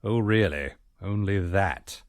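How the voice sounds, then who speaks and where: A man's voice: deep voice, takes it slowly, no room sound. An actor voicing a prim, formal male butler with dry, polite delivery. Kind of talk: video game voice acting.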